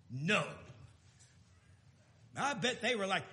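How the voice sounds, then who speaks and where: A man preaching a sermon in a folksy, emphatic way, swinging between loud declarations and quiet asides. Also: very high-pitched, very animated, slow pace, long pauses. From Texas.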